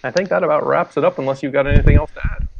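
A man's voice: on the high side, fairly even intonation, rapid-fire, vocal fry, dull audio, noisy background. A man speaking as an IT security guest on a podcast, explaining at an easy pace with fillers and everyday analogies. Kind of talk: casual podcast discussion.

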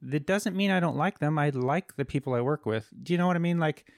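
Man, podcast host, mid-pitched, curious and chatty, dry close mic. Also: a little fast, gravelly, dry recording. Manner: inquisitive, conversational, asks questions. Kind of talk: casual chat.

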